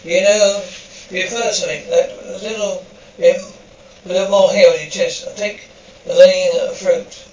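A man reading a TV episode script aloud for a podcast, halting and restarting often as he voices every part. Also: high-pitched, fairly even intonation, darkish tone. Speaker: podcast reader. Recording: roomy, distant, dull lo-fi recording.

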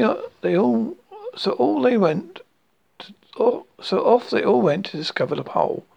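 On a dull, lo-fi recording, a storyteller stumbles through a children's storybook, restarting often. The voice sits in the mid-range, gravelly and a little mellow, with a breathy edge.

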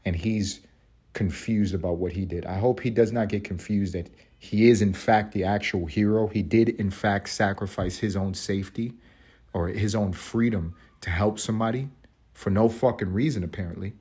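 A man's voice: lowish voice, fairly even intonation, normal speed, darkish tone, husky. A man hosting a podcast, delivering a profane, mocking rant and laughing often. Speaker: podcast host. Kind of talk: ranting commentary monologue.

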